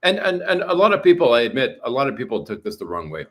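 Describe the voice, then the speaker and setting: A man's voice: medium pitch, sing-song, fast, a bit bright. A man from Canada talking casually to viewers, ranting with a lot of profanity and repeating himself. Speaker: vlogger. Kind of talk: casual livestream rant.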